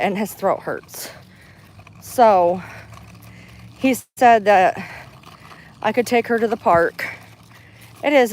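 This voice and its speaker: Holding her phone as she walks through a park, a woman livestreams a casual chat in a medium-pitched, darkish voice, with a little hiss or hum audible. She sounds slightly breathless and chatty, and turns chirpy with passersby.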